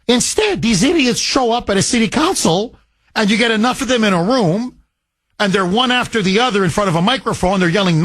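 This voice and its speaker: A man's voice: sits high, animated, a little fast, fairly bright tone, dry recording. A male radio talk show host, arguing his point with passion and acting out imagined conversations on a call-in show. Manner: impassioned, argumentative, acts out imagined dialogues.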